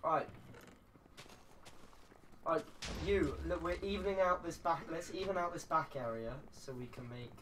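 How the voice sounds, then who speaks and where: A streamer chatting casually through a game, chatty and quick to burst into excitement. The voice sits back from the mic. A steady background noise runs under every word. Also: mid-range voice, recorded from a distance. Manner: chatty, gives loud excited outbursts. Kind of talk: casual gaming chat.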